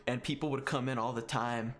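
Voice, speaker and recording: A man's voice: mid-range voice, sharp tone. A man chatting casually on a gaming stream who often laughs through his own stories and swears freely.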